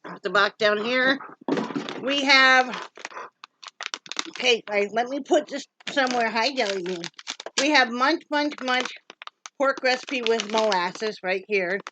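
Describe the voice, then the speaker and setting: A woman from Wyoming chats her way through a dog subscription box in a casual home vlog, breaking off again and again to scold and coo at her excited dogs. Her voice sits a little high. The recording is noisy, with dogs rustling around her. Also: measured pace, pauses often. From Wyoming, USA. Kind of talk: casual unboxing vlog chat. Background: dogs moving and making noise.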